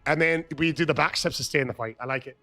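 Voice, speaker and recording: A man chatting on a live game stream, loud and hyped, often yelling catchphrases. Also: on the high side, fast, soft background music. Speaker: gaming streamer. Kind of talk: live gameplay stream chat.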